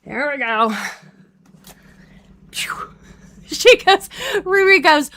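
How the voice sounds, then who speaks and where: A middle-aged woman hosting a casual livestream chat, laughing often and slipping into mock-gloomy deadpan asides. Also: sits high, drawn-out words, long pauses. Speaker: livestream host.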